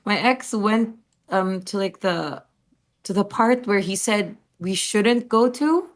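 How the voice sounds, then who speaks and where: A woman's voice: medium pitch, takes it slowly. A woman guest on a podcast, telling personal stories casually with frequent giggles. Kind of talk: casual chat.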